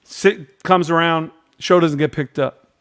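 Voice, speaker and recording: This podcast host is a middle-aged man whose slightly high voice is clean and unhurried. Chatting casually, he tells a long tale, voicing the people he quotes and leaning heavily on repetition.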